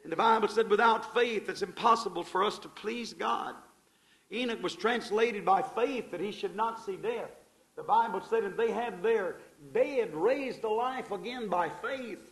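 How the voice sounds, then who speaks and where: A man preaching a sermon with a voice pitched very high for a man. He talks to his listeners in a fervent, folksy way and calls them folks. His volume swings from loud, driving passages down to hushed ones. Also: measured pace, low-quality recording. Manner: folksy, addresses the audience as folks.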